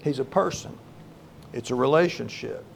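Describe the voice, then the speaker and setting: A male pastor preaching a sermon, moving between loud exclamations and quiet, low lines. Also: normal speed, gravelly, slight background noise.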